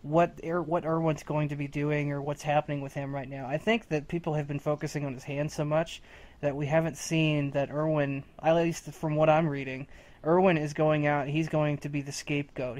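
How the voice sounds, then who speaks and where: Rambling young male podcast host. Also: fairly high pitch. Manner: rambling, repeats words. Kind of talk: casual chat.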